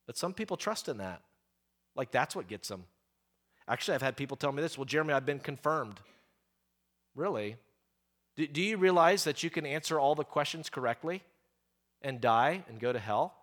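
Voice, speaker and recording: Joking preacher man, slightly high voice. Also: normal speed, long pauses. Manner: joking, sarcastic; lively, conversational. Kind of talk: sermon with storytelling.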